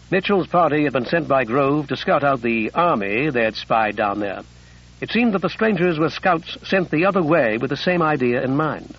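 A man narrating an audiobook in a measured storytelling voice. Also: fairly high pitch, lively intonation, fairly bright tone, breathy edge, muffled recording. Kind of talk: scripted narration.

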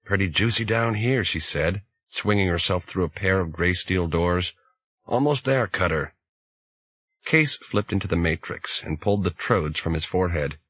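A man narrating an audiobook in a measured, deliberate way. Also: deep voice, a bit bright, husky, no echo.

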